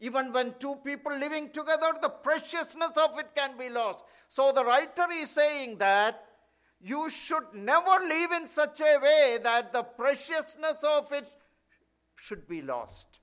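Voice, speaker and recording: A man's voice: extremely high pitch, animated, unhurried, fairly bright tone. A male preacher giving an emphatic sermon, often adding "you know".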